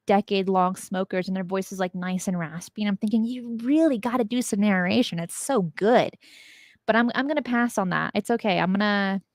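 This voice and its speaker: A woman's voice: fairly high pitch, no echo, clean studio sound. A woman hosting a show on unexplained mysteries, chatting casually as she tells a scary legend and laughs at her own jokes. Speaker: podcast host. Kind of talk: casual storytelling about legends.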